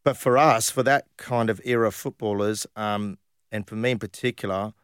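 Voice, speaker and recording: A former professional footballer with an Australian accent, a guest in a casual storytelling interview, recounts his football days in a relaxed, chatty way full of "um"s, restarts, and animated asides. His low voice comes across clean and close at normal speed, with dry sound and no room behind it.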